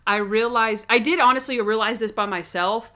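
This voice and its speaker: A woman's voice: fairly high pitch, moderate pace, sharp tone. A woman co-hosting a podcast in casual chat, animatedly acting out scenes with quoted voices and frequent laughter. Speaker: podcast co-host. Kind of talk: casual chat recapping a TV episode.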